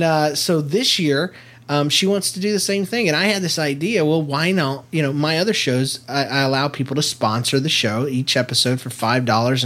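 A middle-aged man with a medium-pitched, slightly bright voice co-hosts a casual family podcast with his daughter. He's chatty and playful, laughing often and filling gaps with ums and restarts.

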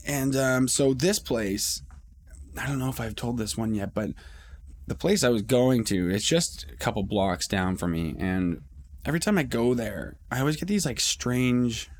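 A man's voice: mid-range voice, lively intonation, moderate pace. A man in a mid-range voice hosts his podcast alone, telling a story in a loose, casual monologue. He rambles, swears freely and often restarts his sentences. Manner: rambling and profane, with many restarts. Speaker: podcast host.

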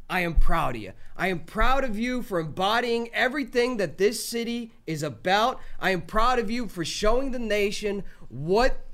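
A man's voice: high voice, fairly bright tone. A man hosting a sports podcast, talking emphatically, repeating himself and teasing rivals in a mock-sweet tone. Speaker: podcast host. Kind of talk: sports talk podcast rant.

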